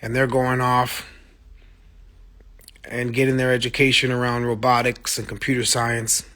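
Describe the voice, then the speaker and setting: Talking unhurriedly in a monotone, a musician addresses fans over a phone livestream; his mid-range voice is a bit bright. The casual monologue is blunt and full of profanity, delivered with passion as he answers incoming viewer comments.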